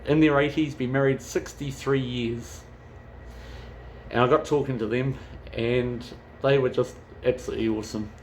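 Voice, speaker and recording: A man's voice: medium pitch, fairly even intonation, moderate pace, darkish tone, slight background noise. A man chatting casually as a travel vlogger, rambling and swearing freely. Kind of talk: casual chat.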